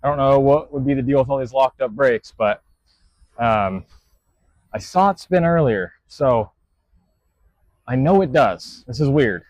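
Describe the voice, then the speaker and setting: A man's voice: medium pitch, expressive, a little slow, pauses often, darkish tone, no echo. A man hosting a car-flipping vlog, narrating casually as he works on a truck and thinking aloud with fillers and trailing sentences. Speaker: car-flipping channel host.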